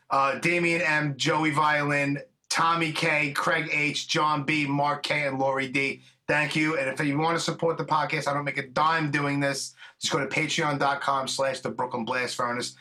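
A middle-aged podcast host with a bright, forceful voice pitched a little high. He rambles along in chummy, profane chat. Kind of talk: casual interview chat.

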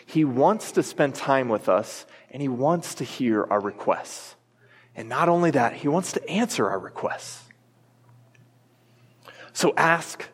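A man in his thirties preaching a sermon as a pastor, earnest and emphatic, telling a family story to make his point. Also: mid-range voice. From United States. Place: church sanctuary. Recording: long reverb of a church hall.

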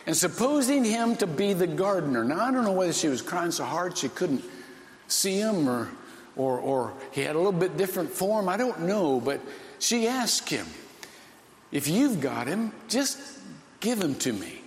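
A man preaching a sermon as pastor, slow and folksy, with dramatic pauses. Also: high voice, expressive. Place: church sanctuary. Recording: echoey hall with long reverb.

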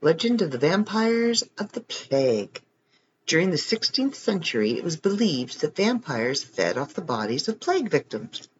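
Reading articles from the web, this man keeps things jokey, pausing after passages to add dry, wry remarks. His pitch moves around animatedly, and the muffled home recording carries some faint hiss or hum.

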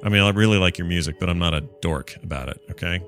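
A man hosting a podcast, chatting casually with an excitable, joking manner. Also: low-pitched, fast talker, soft background music. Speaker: podcast host.

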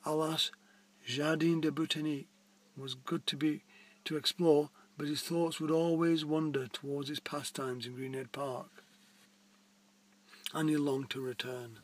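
Man reading his own story aloud; husky, somewhat high, recorded from a distance. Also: flat delivery, a little slow. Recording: distant mic.

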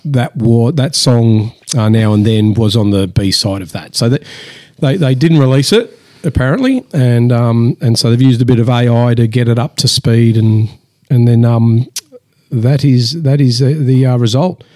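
A man co-hosting a laid-back beer chat, talking in loose rambling bursts full of restarts. His voice is dark and mellow, recorded dry and close. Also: medium pitch, dry recording. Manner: rambling, halting, many restarts. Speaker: podcast co-host. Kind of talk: casual chat.

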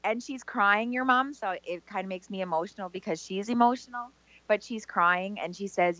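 A woman hosting a call-in show relays messages in a soft, halting way. Her voice is mid-pitched and comes through slightly dull and dry, like a remote mic. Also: dry recording. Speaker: psychic medium co-host. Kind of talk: live call-in reading.

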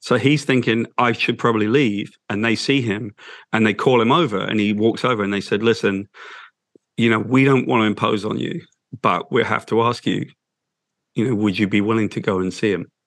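A man speaks as an interview guest, his voice sitting a little low and recorded dry and close. He tells a moving story slowly and haltingly, with soft restarts. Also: fairly even intonation, dry recording.

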